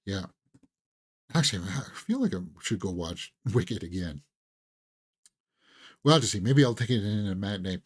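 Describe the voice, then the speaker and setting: A man's voice: on the low side, expressive, moderate pace, pauses often, slightly rough. A man who is losing his voice, hosting a casual movie talk stream, rambling with lots of fillers and chuckles. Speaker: host of a movie talk channel. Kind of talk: casual live-stream chat.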